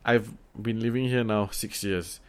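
A man's voice: fairly low pitch, steady tone, measured pace, clear, resonant tone. A man from Singapore with a Singaporean English accent, talking casually and animatedly, swearing freely with lots of fillers and restarts. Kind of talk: casual conversation.

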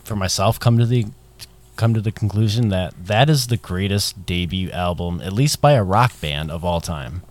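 A man's voice: sits low, moderate pace. A man co-hosting a podcast in casual chat, teasing his partner and laughing often. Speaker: podcast co-host.

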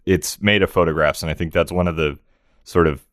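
A man's voice: low-pitched, fairly even intonation, a little fast, no echo, studio quality. A man co-hosting a podcast, chatting casually and jokily about films in a self-deprecating way. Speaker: podcast co-host. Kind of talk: casual film-discussion chat.

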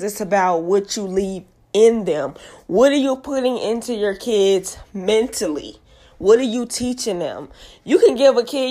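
A woman hosting her own podcast, a mother, talking in a forceful, preachy motivational monologue and repeating lines for emphasis. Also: medium pitch. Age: adult with kids. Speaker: podcast host.

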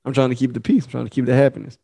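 A man's voice: mid-range voice, flat delivery, very fast, creaky, mellow, husky. A young adult man co-hosting a casual podcast, telling loose stories with laughs and acting out the people he quotes. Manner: loose, laughing storyteller, acts out quoted voices. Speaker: podcast co-host.

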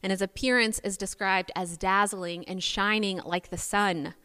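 A woman preacher giving a sermon, telling the story in an animated, playful way. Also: mid-range voice, normal speed, clear, resonant tone. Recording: long hall reverb.

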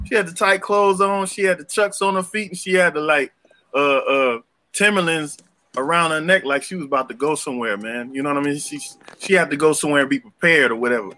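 Animated young man telling stories. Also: fast. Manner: animated storyteller, slangy, jumps up in pitch for punchlines. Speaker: podcast co-host. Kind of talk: casual storytelling chat.

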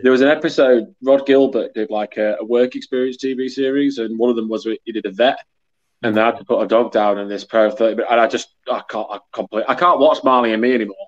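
A man co-hosting a podcast over a phone, chatting in a quick, offhand, joking way. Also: medium pitch. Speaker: podcast co-host. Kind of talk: casual chat. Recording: dull lo-fi phone audio.

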